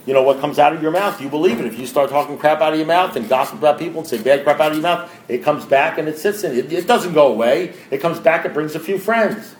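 A man with a fairly high voice talks plainly and bluntly to a recovery group, firing direct questions at the room. The sound is echoey and carries faint background noise. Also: quick pace, hardly any pauses. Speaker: speaker sharing at a recovery group meeting. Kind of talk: informal talk to a group.

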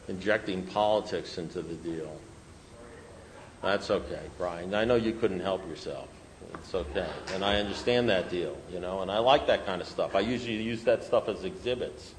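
A man's voice: on the low side, slight background noise, poor audio. A middle-aged man speaking at a recovery meeting, blunt and emphatic, repeating phrases for effect. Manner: animated, emphatic, repetitive, blunt. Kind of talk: personal recovery talk.

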